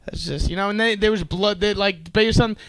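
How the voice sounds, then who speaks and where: High-voiced joking young man. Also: a little fast, crowd noise, low-quality recording. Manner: joking, laughs often, rambling. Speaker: co-host. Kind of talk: casual podcast chat.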